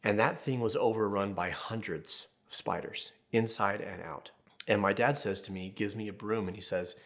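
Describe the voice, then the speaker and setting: Male therapist-host, 30s, slightly low-pitched, casual and candid, jokes as he goes. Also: normal speed, fairly bright tone. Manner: casual and candid, jokey asides, tells personal stories. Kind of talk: advice video talking to camera.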